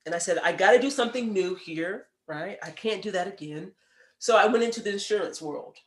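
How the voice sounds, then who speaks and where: A woman in her forties, a podcast guest, telling stories in a lively, emphatic way and laughing now and then. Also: mid-range voice, a little fast, echoey room. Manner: animated storyteller, emphatic and laughing. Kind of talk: casual chat.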